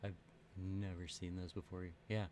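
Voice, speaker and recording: A man from Texas co-hosting a podcast livestream, relaxed and laid-back. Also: deep voice, normal speed. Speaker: podcast co-host. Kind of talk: casual chat on a livestream.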